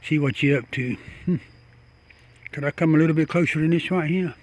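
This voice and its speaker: A man's voice: a little high, fairly quick, dry recording. A man, talking casually and coaxingly to an animal outdoors at night, chuckling and repeating himself. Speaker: backyard wildlife videographer.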